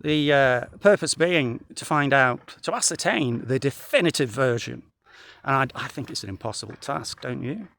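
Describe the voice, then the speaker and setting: A man's voice: mid-range voice, vocal fry, a bit bright, a little hiss or hum. A man rambling through a dry, jokey monologue to the camera outdoors in a wheat field, swearing freely. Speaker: vlogger.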